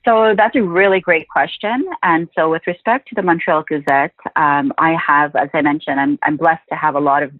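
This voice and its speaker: A woman's voice: low-pitched, moderate pace, hardly any pauses, no room sound. A woman journalist from Quebec, a guest on a podcast interview, telling her stories with animation and acting out the voices of the people she met. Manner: animated storyteller, acts out quoted voices. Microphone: phone. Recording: tinny phone line, dry.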